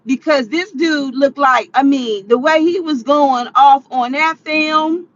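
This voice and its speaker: A woman vlogger delivering ranting commentary, animated and exclaiming, often laughing. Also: high-pitched, slow, lo-fi sound.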